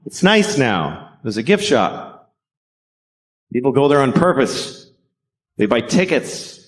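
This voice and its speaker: A middle-aged man doing a stand-up comedy set on stage, deadpan and profane, acting out bits. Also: medium pitch, slow pace. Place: stage before a live audience.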